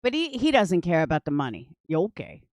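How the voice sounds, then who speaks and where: Woman, sarcastic commentary host, heavy swearing, smooth voice, dry sound. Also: lowish voice, big pitch swings, fairly quick, a little mellow, dry recording. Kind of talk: profane commentary on clips.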